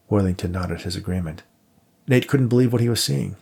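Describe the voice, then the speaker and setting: Male audiobook narrator, husky and gravelly, measured reading. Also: low voice, a little mellow. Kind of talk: scripted narration.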